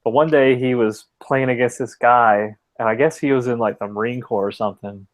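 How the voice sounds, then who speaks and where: A young man in mid-range pitch tells a loose, meandering story on a casual podcast. He swears freely and leans on "like" as he goes. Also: fairly even intonation, brisk. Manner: rambling anecdotal storytelling, swears freely, frequent "like" fillers. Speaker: podcast co-host telling a story. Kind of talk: casual chat.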